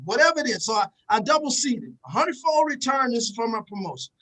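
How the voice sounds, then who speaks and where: A man's voice: very high-pitched, big pitch swings, quick pace, hardly any pauses, bright, forceful tone, low-quality recording. A man giving a preachy motivational talk, emphatic and repetitive, speaking straight to his audience.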